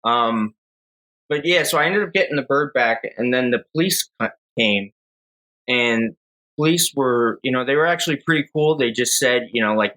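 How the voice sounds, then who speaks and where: Bright-voiced man telling a story. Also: medium pitch, normal speed, poor audio. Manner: rambling, relaxed storyteller with many fillers. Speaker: podcast guest, falconer. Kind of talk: casual storytelling.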